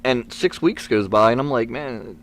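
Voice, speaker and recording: A man speaks as a guest on a podcast, recounting a story in a lively, rambling way. His voice sits at an ordinary middle pitch, and he fills his sentences with small fillers and quick restarts. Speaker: wrestler guest.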